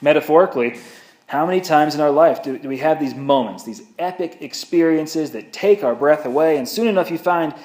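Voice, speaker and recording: A man preaching a sermon as pastor, telling the story in a conversational, animated way. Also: a little high, fairly quick. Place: church sanctuary. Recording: echoey church room.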